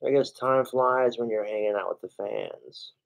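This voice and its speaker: A man's voice: medium pitch, normal speed, vocal fry, low-quality recording. A man chatting casually on a late-night livestream, sleepy and yawning, drawling and profane as he mocks his trolls. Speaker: streamer.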